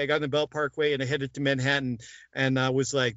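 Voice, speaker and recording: A man's voice: on the high side, steady tone, fast, bright, forceful tone, dry recording. A man being interviewed, animatedly recounting events and acting out the dialogue with frequent "like" and "I go". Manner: retells scenes with quoted dialogue, many "like" and "I go" fillers. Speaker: interview guest. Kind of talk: animated storytelling in conversation. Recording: dull lo-fi dry sound.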